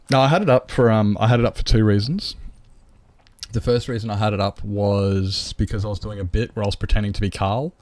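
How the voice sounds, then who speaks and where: A man's voice: fairly low pitch, steady tone, fairly quick, a little mellow. A man streaming a game live, chatting loosely with viewers and rambling to himself. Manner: rambling, chatty, greets viewers, talks to his cat. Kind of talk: casual live-stream chat.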